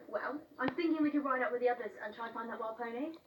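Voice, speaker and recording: A young actress plays a peppy, enthusiastic girl who leads a riding club, her voice a little high. Heard from afar in an echoey space with clear noise beneath it. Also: rapid-fire, natural voice. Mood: excited. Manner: upbeat, enthusiastic. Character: eager young female riding-club leader. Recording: echoey, distant show audio with noise.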